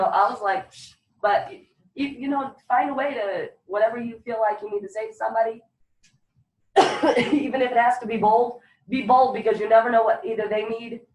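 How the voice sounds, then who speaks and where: A woman beauty consultant telling a story at a sales meeting in an emphatic, direct way. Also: fairly high pitch. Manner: emphatic and direct, urging boldness. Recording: echoey room, distant mic, faint background hum.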